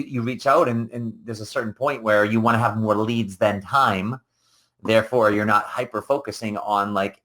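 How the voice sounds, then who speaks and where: A man hosting a live coaching show, teaching in a casual, animated way and acting out conversations with clients. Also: mid-range voice. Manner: animated and conversational, acts out client dialogues, frequent "like" and "right?".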